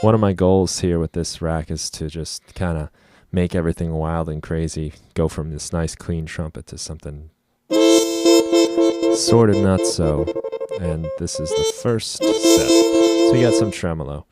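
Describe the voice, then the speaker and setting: Man with a deep voice, casual software tutorial host, relaxed and talky, loud trumpet and synth playing underneath. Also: a little slow, over loud music. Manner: relaxed, explains while tweaking knobs, frequent ums. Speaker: music production tutor. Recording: loud instrument demos behind the voice. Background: loud synth and trumpet sounds playing.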